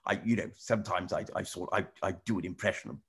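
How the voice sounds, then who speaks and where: A middle-aged man with a somewhat low voice chats with children over a video call. He rambles and halts, restarting his sentences again and again and padding them with "you know". The tone stays casual and friendly. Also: fast, breathy edge. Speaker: celebrity guest answering children's questions.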